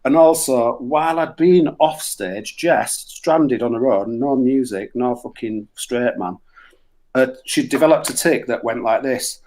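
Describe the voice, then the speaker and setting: A little slow and mid-range in voice, this middle-aged Yorkshireman swaps crude, sweary stories in a laid-back radio conversation. His anecdotes are animated, with put-on voices.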